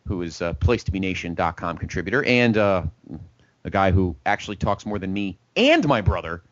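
A man's voice: low-pitched, big pitch swings, brisk, no room sound. A man hosting a sports talk show in a casual, joking, rambling style. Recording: dull, lo-fi podcast audio.

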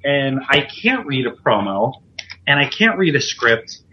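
A man's voice: mid-range voice, very animated, unhurried, muffled recording, a little hiss or hum. A man, a veteran pro wrestler hosting a podcast, talking casually in a rambling, self-deprecating way with restarts. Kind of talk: casual chat.

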